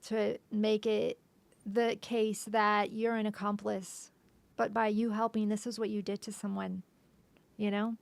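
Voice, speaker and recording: A woman being interviewed as a podcast guest, retelling a painful personal story haltingly, with restarts and frequent drops to a soft whisper. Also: medium pitch, little pitch movement, gravelly, no echo.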